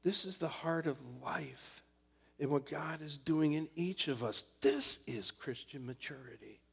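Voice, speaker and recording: Slow, gravelly-voiced male pastor preaching. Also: a little high, a bit bright. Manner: earnest storytelling preacher, building to emphatic points. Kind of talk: sermon.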